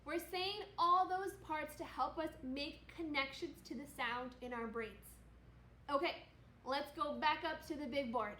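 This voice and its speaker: A woman teaching second graders, leading a slow, repetitive phonics lesson and cheering them on with upbeat praise. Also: sits high, sharp tone. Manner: upbeat, encouraging, stretches out vowel sounds. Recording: echoey room with faint noise.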